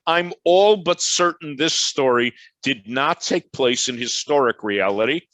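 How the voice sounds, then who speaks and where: A man's voice: medium pitch, expressive, unhurried, a bit bright, no echo, rough recording. Older Chicago man lecturing conversationally. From Chicago, USA. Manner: conversational, anecdotal and digressive. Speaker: professor giving a lecture. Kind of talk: online lecture. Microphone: video call.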